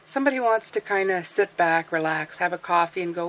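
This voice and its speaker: A woman's voice: fairly low pitch, lively intonation, fast talker, few pauses, a bit bright, slight background noise. A woman tarot reader hosting her channel, talking in a casual, rambling, chatty way. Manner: rambling, talkative, self-deprecating.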